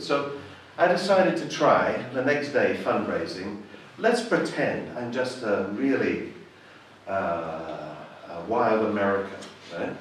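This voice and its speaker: A church member with an English accent gives a personal testimony, telling his story with self-deprecating humor and acting out other people's voices. His mid-range voice is a little slow, and the recording, with a bit of hiss or hum, sounds like an echoey room heard from afar.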